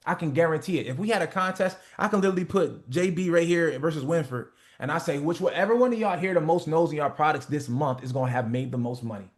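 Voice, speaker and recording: A man coaching a group on a motivational call, animated and profane, acting out little skits. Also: on the high side, fast talker, few pauses. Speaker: business coach.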